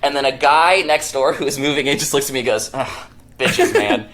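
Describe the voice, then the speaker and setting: A man's voice: on the high side, fairly even intonation, quick pace, fairly bright tone. A young man, a podcast producer, telling stories casually and acting out the quotes as he goes, laughing often. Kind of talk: casual storytelling.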